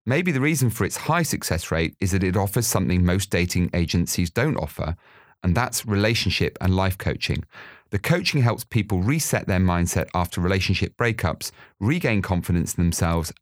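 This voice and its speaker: A man's voice: sits low, expressive, normal speed. Friendly male interview host. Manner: friendly and welcoming, light compliments. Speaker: podcast host. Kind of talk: interview hosting. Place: small cosy studio.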